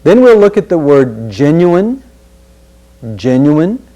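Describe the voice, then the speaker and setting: A male speech instructor leads a pronunciation drill at a slow, measured pace. His voice is mellow and sits in a middle register. He sounds out each word with care and repeats it for the listener. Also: mid-range voice, lively intonation.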